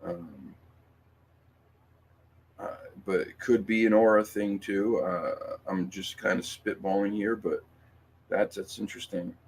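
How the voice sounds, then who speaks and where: Deep-voiced guy rambling on his livestream, lots of ums and restarts, swears when worked up. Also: fairly even intonation, measured pace, pauses often, slight background noise. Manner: rambling, emphatic, swears, with many fillers and restarts. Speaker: livestream host reading viewer comments. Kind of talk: casual livestream chat.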